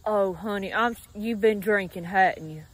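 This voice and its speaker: A woman's voice: mid-range voice, normal speed, close to an everyday voice, low-quality recording. A woman playing a folksy rural Southern woman who offers help to a crashed alien, speaking with a Southern US accent and a drawling, motherly manner. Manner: drawling, motherly, calls people honey and baby. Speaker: comedy clip character.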